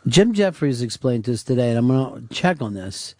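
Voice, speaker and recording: A man's voice: medium pitch, big pitch swings, brisk, dark tone, no room sound. A man hosting a talk radio show, joking crudely with his co-host and taking calls. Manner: crude, joking, takes callers. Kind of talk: casual talk radio banter. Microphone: studio microphone.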